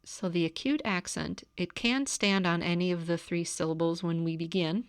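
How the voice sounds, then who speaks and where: A woman giving a recorded grammar lecture, calmly explaining step by step. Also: on the low side, moderate pace, clear, resonant tone, no echo. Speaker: teacher. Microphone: camera.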